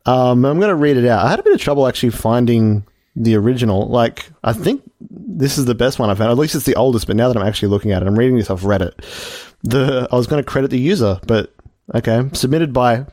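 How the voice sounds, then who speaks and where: A man's voice: mid-range voice, expressive, quick pace, darkish tone, no echo, studio quality. Rambling giggly man telling a joke. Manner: rambling, giggly, lots of fillers and asides. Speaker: podcast co-host. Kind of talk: casual comedic chat, retelling a joke.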